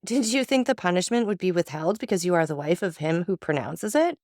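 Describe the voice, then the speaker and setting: A woman's voice: on the low side, expressive, brisk, darkish tone, dry recording, clean studio sound. A woman voicing a stern, cold-blooded male magistrate who speaks with contempt and accusation. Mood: accusing.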